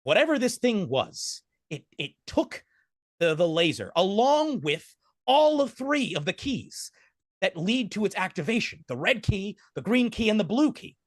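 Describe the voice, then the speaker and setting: A man's voice: high-pitched, big pitch swings, measured pace, no echo, clean studio sound, voice pushed up, exaggerated voice. A man voicing a distraught, glitchy android-animal hybrid scientist with a chittering, fussy, apologetic manner.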